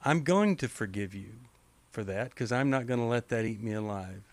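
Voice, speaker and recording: Calm coaching man host, dry mic. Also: fairly low pitch, no echo. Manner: calm, measured and coaching, with slow deliberate phrasing. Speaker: radio show host. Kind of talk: call-in radio advice.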